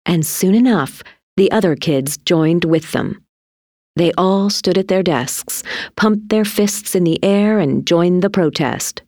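A woman reading a children's story aloud with expressive delivery. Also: no echo, studio quality. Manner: slow and highly animated.

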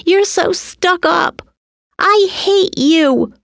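Bratty 10-year-old girl, shrill and loud, played by a woman narrator. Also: lively intonation, normal speed, creaky, no echo, clean studio sound. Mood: furious. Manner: shrill and shouty. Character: angry defiant ten-year-old girl twin.

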